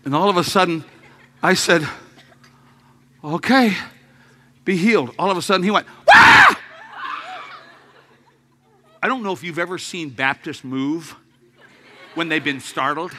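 A man preaching a sermon as a story, acting out voices with laughs and sudden shouts. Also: fairly high pitch, moderate pace, pauses often, slight background noise.

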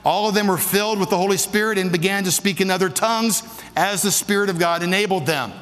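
A male pastor preaches with emphasis, pressing his questions again and again. His voice sits fairly high, and it rings with the long reverb of a large church hall. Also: fast talker, fairly bright tone. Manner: emphatic, repeats questions to the congregation. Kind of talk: sermon.

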